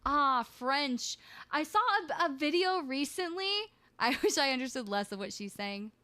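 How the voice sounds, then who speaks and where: A woman's voice: sits high, animated, moderate pace, sharp tone. A woman streaming live, chatting in a rambling, jokey way full of crude banter. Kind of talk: casual livestream chat.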